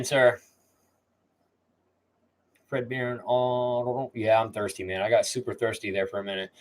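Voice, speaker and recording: A man's voice: medium pitch, low-quality recording. A man hosting a live stream, chatting casually in a rambling, laid-back way.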